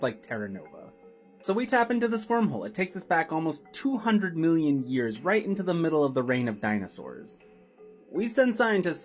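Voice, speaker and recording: A man casually telling a horror story, chatty with slang asides and dramatic build-up. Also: medium pitch.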